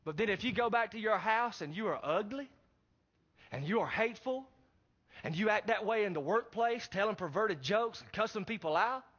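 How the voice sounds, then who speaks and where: Male pastor, high and sharp-toned, emphatic sermon delivery, dull lo-fi recording. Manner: emphatic, addresses the congregation with rhetorical questions. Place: church service.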